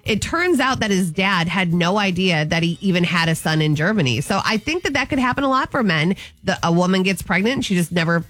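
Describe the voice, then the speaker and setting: A woman's voice: fairly low pitch, animated, a little fast, few pauses, fairly bright tone. Playful young woman co-hosting radio. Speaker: radio co-host. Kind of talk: morning radio chat.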